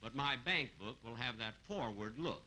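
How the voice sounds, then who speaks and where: Deadpan older man hosting a noisy 1950s TV show. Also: medium pitch, moderate pace. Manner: dry, deadpan self-mocking delivery. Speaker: TV comedy show host. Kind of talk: 1950s TV variety comedy banter. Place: TV studio stage before a live audience. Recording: noisy 1950s TV broadcast recording.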